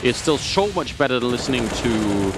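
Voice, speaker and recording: A man giving live esports match commentary, energetic and rising to shouts at big plays. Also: mid-range voice, normal speed, over music. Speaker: esports caster. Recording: noisy game audio behind.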